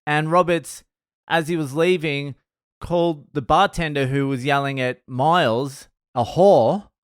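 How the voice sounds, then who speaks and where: A man's voice: a little high, clean tone, no room sound, clean studio sound. A man hosting a podcast, telling a long story with swearing and bursts of laughter. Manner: profane, animated retelling, laughs at himself. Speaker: podcast host. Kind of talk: storytelling monologue.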